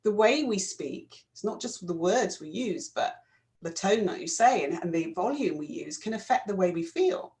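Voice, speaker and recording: A woman's voice: mid-range voice, animated, normal speed. Thoughtful woman explaining. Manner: thoughtful, explaining, gentle fillers. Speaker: co-host. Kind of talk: casual chat.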